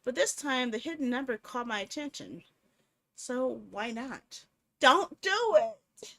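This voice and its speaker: A young woman streaming a horror game, commenting casually and reading story text aloud with animated, jokey delivery. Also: fairly high pitch, unhurried, creaky.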